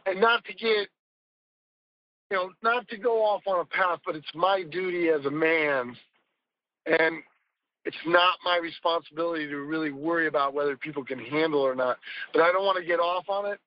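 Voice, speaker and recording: A man's voice: fairly high pitch, normal speed, muffled recording, a little hiss or hum. A man speaking as a podcast guest, telling rambling, emphatic stories in casual conversation and swearing now and then.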